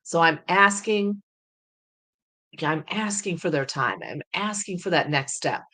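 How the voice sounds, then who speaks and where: Persuasive woman sales coach, lowish voice. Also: a little slow. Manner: talks through sample scripts, energetic and persuasive. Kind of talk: coaching lesson.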